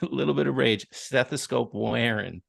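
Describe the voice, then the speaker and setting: A man's voice: mid-range voice, moderate pace, vocal fry, slight background noise. A man co-hosting a movie podcast, playful and giggly, with many fillers. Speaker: podcast co-host. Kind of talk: casual movie chat.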